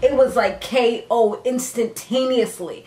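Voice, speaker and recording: A woman with a fairly high voice chats through a TV episode recap in a sassy, animated way, swinging her pitch up for emphasis and laughing often. Her voice carries noticeable echo from the room. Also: measured pace. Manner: laughs often while talking. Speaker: TV recap vlogger. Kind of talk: casual chatty TV recap. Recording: echoey room.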